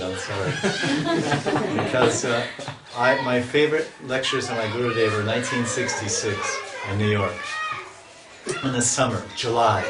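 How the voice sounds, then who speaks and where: A man speaking as a swami delivers a scripture lecture in a chatty, storytelling style, frequently restarting his sentences. His voice is mid-range, and the distant mic in an echoey hall picks up heavy background noise.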